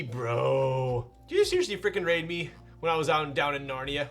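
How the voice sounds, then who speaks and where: A man with a slightly raised pitch chats loosely with his live-stream audience. His talk is excitable and full of slang, broken up by easy laughter, with faint music playing underneath. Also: moderate pace. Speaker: streamer hosting a keyboard build stream. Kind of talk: casual live-stream chat with viewers.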